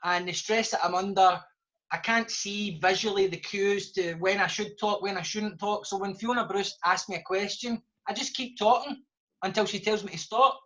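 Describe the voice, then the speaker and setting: A man's voice: high-pitched, fairly even intonation, normal speed, a bit bright. A Scottish man, a guest author, talking fluently and passionately in a live podcast discussion. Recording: dull lo-fi sound.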